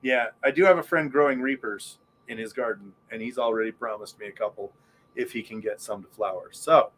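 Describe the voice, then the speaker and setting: A man's voice: medium pitch, fairly quick, a bit bright, slightly rough. A man hosting a podcast in casual chat, rambling and enthusiastic, with lots of fillers. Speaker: podcast host.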